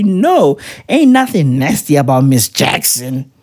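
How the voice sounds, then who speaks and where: Woman, comedic rant, profane, rambling, slang-heavy, mid-pitched voice. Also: sing-song, slow pace, a little mellow. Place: at home, with spouse nearby.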